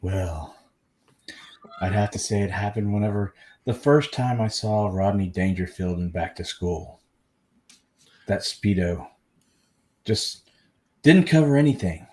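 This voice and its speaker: A man's voice: fairly low pitch, unhurried, pauses often, darkish tone, slight background noise. A man speaking as a guest travel vlogger in a casual chat, hesitant and rambling.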